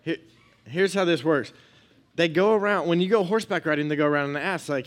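A young man preaches in a loose, conversational way, telling a comic story before turning it into a lesson. His voice sits a little high for a man and swings freely in pitch. The delivery is lively and informal. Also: a little fast. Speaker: pastor. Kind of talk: sermon.

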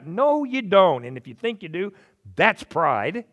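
A middle-aged male pastor preaching a sermon in an animated, joking way, acting out little voices. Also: high voice, a little slow, muffled recording. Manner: animated, jokey, acts out voices.

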